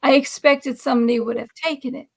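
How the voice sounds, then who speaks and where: Woman guest on a stream, high pitched, lots of fry, chatty storyteller. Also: fast. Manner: animated, chatty, laughing at her own story. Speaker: livestream guest. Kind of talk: casual storytelling.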